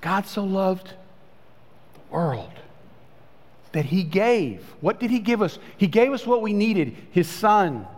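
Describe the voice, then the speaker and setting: A pastor preaching a sermon in a conversational way, his voice swinging between high and low. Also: big pitch swings, slow, a little mellow. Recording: long hall reverb.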